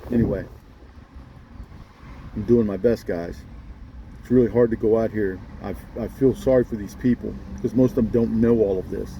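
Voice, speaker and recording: A man's voice: fairly low pitch, steady tone, moderate pace, vocal fry, long pauses, dark tone, a little hiss or hum, low-quality recording. A man ranting straight at his viewers in a blunt, scolding way, often pressing them with "okay?". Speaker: vlogger addressing viewers. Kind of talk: ranting monologue to camera.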